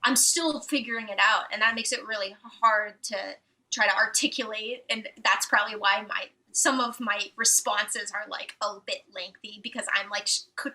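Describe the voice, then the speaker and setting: A woman's voice: fairly high pitch, bright, forceful tone, poor audio. A young woman, a musician guest on a podcast, speaking casually and hesitantly with many fillers as she searches for words. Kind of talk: casual conversational interview.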